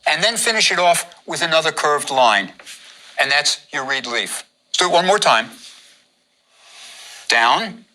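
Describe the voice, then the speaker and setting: Bright, lively man teaching drawing. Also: on the high side, low-quality recording. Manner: patient, instructive, repeats each step. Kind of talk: step-by-step drawing lesson.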